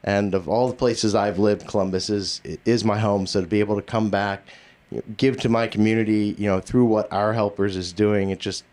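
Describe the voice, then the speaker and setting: A man with a somewhat low voice speaks at a community event as board president. He keeps restarting his sentences, and "you know" fills many of his pauses. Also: flat delivery, darkish tone. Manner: halting, many fillers and restarts. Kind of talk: speech at a public event.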